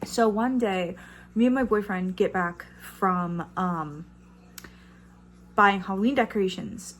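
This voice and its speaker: A woman's voice: medium pitch, a little hiss or hum. A young woman in her twenties telling a casual storytime vlog, chatty, with lots of fillers and some swearing. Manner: chatty, many fillers, swears when riled. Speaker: vlogger.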